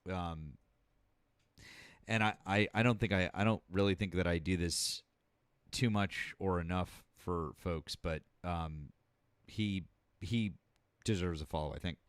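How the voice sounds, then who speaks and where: Low-voiced, halting male stream host. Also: dry recording. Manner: halting, many fillers and restarts, swears freely. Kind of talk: casual chat.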